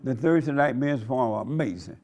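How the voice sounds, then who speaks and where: A man's voice: medium pitch, expressive, a little fast, darkish tone. A man preaching an informal sermon, blunt and conversational, with a folksy way of telling stories. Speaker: preacher and host.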